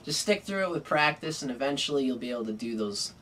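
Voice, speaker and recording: A young man casually explaining a guitar song, relaxed and rambling with many fillers. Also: medium pitch, fast, far from the mic, a little hiss or hum. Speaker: guitar teacher. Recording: loud guitar over the voice.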